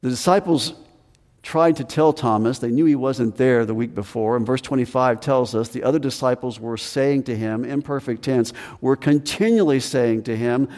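A man's voice: mid-range voice, moderate pace, a little mellow, in a large hall. A male pastor preaching a sermon on scripture who sometimes acts out the lines of the people in it with a raised voice.

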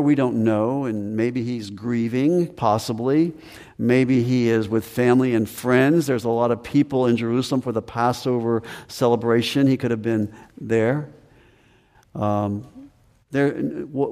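A man's voice: mid-range voice, a little mellow, long reverb tail. A male pastor preaching a sermon on scripture who sometimes acts out the lines of the people in it with a raised voice.

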